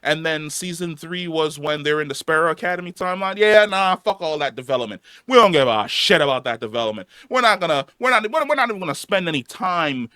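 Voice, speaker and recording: A man's voice: on the high side, animated, fast talker, hardly any pauses, bright, forceful tone, dry recording, clean studio sound. A man reviewing a show in a heated, angry rant, swearing and repeating himself for emphasis, his voice wearing out. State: losing his voice.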